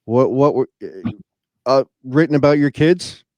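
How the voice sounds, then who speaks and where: A man hosts a relaxed interview, and his questions come out loose and easygoing. He is chatty and casual, with plenty of ums and uhs, and his voice sits at a mid pitch. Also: a little slow. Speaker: host.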